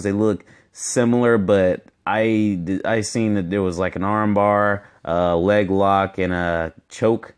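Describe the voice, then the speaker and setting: A man with a very low, smooth and resonant voice talks through his thoughts in a casual solo video. He rambles and hesitates, circling back with fillers and restarts. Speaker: gaming vlogger.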